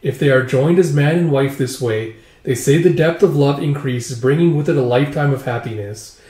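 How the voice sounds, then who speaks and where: Guy rambling thru a comic recap, dark mellow tone, echoey room. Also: medium pitch, moderate pace. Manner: rambling, loose, full of "like". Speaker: manga reviewer. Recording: roomy echo.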